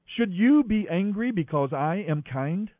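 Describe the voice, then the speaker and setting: A man reading aloud, voicing a vineyard owner who reasons calmly with his workers. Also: high voice, unhurried, no room sound. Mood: reasoning. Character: fair-minded adult male vineyard owner. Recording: dry, thin phone-like audio.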